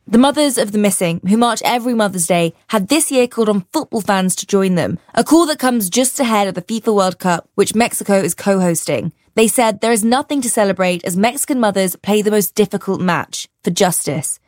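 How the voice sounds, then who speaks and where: A woman reporter delivering a news report in a measured way. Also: medium pitch, a little mellow, no room sound, clean studio sound.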